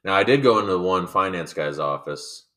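This podcast co-host, a man in his thirties, has a deep, sharp-toned, expressive voice and speaks at a normal speed. In a casual chat, he tells profane stories about work and acts out his coworkers when quoting them.

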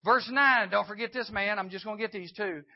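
High-voiced man preaching to youth. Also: brisk. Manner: storytelling, acts out Bible characters in dialogue. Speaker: youth speaker. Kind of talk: sermon. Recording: dull lo-fi recording.

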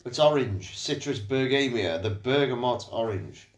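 Male co-host, dry and wry, mid pitch, roomy echo. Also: expressive, measured pace. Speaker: podcast co-host. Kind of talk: casual chat.

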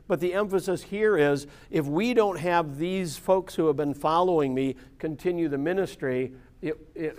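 A man with a somewhat high voice teaches an informal Bible class. He explains scripture in a relaxed, conversational way and keeps checking in with his listeners through "right?" and "yeah.". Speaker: Bible study leader.

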